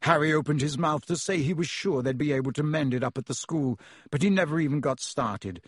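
A man narrating a storybook in a steady, expressive storytelling voice on a close mic. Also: on the high side, fairly quick, slightly rough, no room sound. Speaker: audiobook narrator.

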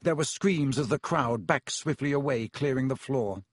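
Male audiobook narrator, measured, dry close-miked sound. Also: mid-range voice, slightly rough, no room sound. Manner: measured storytelling with voiced characters.

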